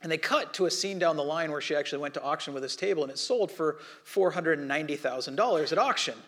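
A man preaching a sermon as pastor, telling a story with animated, acted-out quotes and dropping soft and low for prayerful lines. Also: fast talker.

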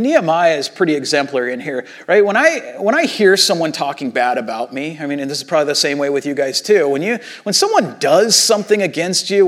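A man preaching a sermon as pastor, talking casually with rhetorical questions and reading scripture aloud slowly. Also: on the high side.

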